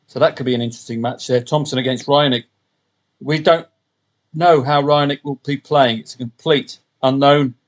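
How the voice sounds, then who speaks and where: A man's voice: mid-range voice, steady tone, normal speed. Rambling male podcast tipster. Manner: rambling, with jokey asides and self-corrections. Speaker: podcast host and betting tipster. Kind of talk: casual solo commentary.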